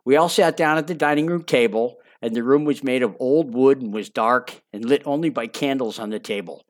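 A man's voice: medium pitch, fairly quick. An older man narrating his own memoir in a folksy, enthusiastic way, with chatty asides.

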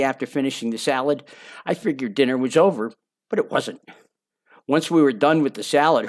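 An older man narrating his own memoir in a folksy, enthusiastic way, with chatty asides. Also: medium pitch.

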